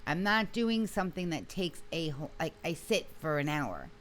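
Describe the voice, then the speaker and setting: A woman guest in a casual interview, telling her story in an animated, emphatic way with frequent restarts. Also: low-pitched, normal speed. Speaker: interview guest, singer and video creator.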